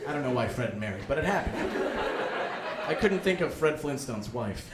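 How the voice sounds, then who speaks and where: A young man, a student, doing a self-deprecating stand-up comedy set and jumping into excited inner voices, in front of a laughing audience. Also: medium pitch, moderate pace. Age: young adult. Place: live comedy room with audience. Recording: echoey room with background noise.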